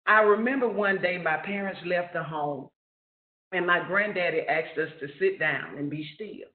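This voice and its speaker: A man telling a personal family story in an earnest, storytelling way on a webinar call. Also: sits high. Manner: slow, earnest storytelling with rising questions. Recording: roomy, phone-like lo-fi webinar audio.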